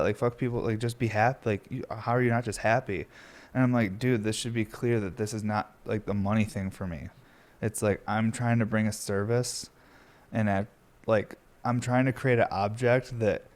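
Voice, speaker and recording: A man's voice: lowish voice, a little mellow. A young man hosting a podcast, rambling in a laid-back way with lots of swearing. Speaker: podcast host. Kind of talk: casual stoner podcast chat.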